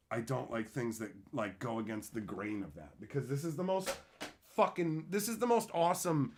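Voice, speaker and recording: A man's voice: medium pitch, a bit bright, a little hiss or hum. A man live streaming and chatting with viewers. He reads their messages aloud and rants in a frustrated voice, swearing often. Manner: ranting, frustrated, swears a lot.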